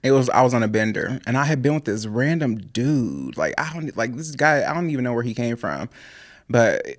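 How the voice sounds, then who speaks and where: A man's voice: mid-range voice, animated, a little fast, dry recording, studio quality. A young man telling a personal story in a casual podcast chat, rambling and laughing often. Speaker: podcast guest.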